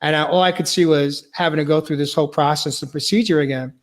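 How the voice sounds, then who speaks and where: Earnest man, slightly high voice. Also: fairly even intonation. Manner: earnest, halting with restarts. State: choked up, near tears. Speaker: podcast host. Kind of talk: emotional personal testimony.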